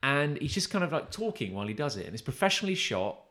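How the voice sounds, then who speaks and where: Quick and sing-song, this man's mid-range voice has a sharp tone as he co-hosts a podcast. His casual chat wanders, packed with fillers and restarted sentences.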